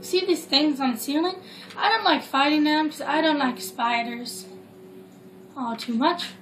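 Unhurried and high-voiced, a woman chats through a video game in casual let's play commentary, wandering off into jokes and chatty asides. The room echoes and the game music plays loudly.

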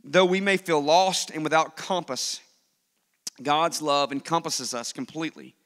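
A male pastor preaching a sermon, telling stories with lively swings between hushed and loud delivery. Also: fairly high pitch, a little slow, big-room sound. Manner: animated storytelling preacher, swings from soft to loud.

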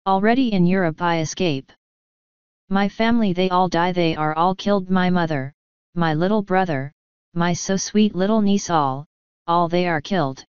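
A frantic young refugee cook, as a woman reader puts her on, pouring out her words in broken English. The voice is clear and dry, and the recording sounds a little dull and lo-fi. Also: fairly low pitch, darkish tone, no echo, natural voice. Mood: agitated. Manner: agitated, broken English, rapid outbursts.

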